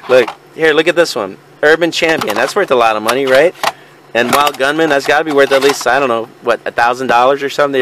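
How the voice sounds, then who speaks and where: A man's voice: on the high side, background noise. Chuckling, rambling young male reseller. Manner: chuckling, rambling, rough-edged banter. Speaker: video game reseller. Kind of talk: casual vlog unboxing.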